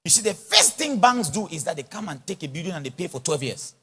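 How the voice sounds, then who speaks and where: A man's voice: on the high side, fast talker, breathy edge, soft background music. A man preaching a sermon at a conference, speaking with an influence and acting out little dialogues. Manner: animated, mixes in pidgin English and acted-out dialogue. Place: large church or conference hall.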